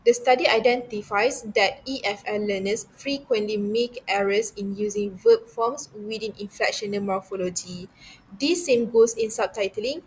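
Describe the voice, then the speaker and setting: A woman's voice: on the high side, breathy edge, low-quality recording. A young woman giving a university class presentation, reading through her points with frequent hesitations and restarts.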